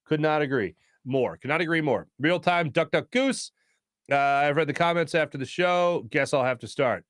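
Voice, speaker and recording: A man's voice: fairly high pitch, normal speed, fairly bright tone, dry recording. A man hosting a casual sports talk stream from a small studio, joking loosely and reading viewer comments aloud with plenty of fillers. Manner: loose, jokey, reads chat aloud with many fillers. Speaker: sports talk show host.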